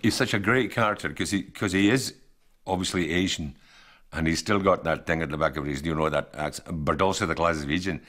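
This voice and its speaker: A man's voice: low voice, a little fast, fairly bright tone. A man giving a reflective, chatty documentary interview.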